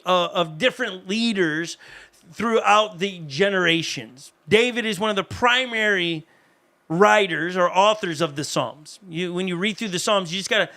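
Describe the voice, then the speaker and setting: A pastor delivers a sermon in a high, bright voice with a forceful edge. His preaching is conversational and animated, and he keeps turning to people in the room with quick asides.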